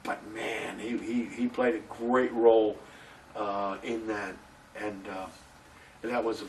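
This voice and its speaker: A male community theater actor being interviewed, telling stories in a lively way with many restarts. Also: fairly low pitch, takes it slowly, recorded from a distance, slight background noise, rough recording. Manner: animated storytelling, many restarts. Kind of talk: casual interview.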